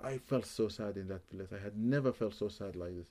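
A man's voice: fairly low pitch, a little fast, dark tone. A man, a Muslim spiritual healer, telling a story in an interview, with Arabic religious phrases and repeated words for emphasis.

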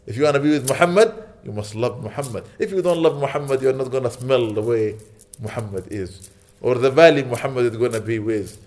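A man's voice: mid-range voice, brisk, darkish tone. Man preaching emphatically in a mosque. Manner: emphatic, repeating points and checking in with "Okay?"; mixes in Arabic phrases and recitation. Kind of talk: sermon.

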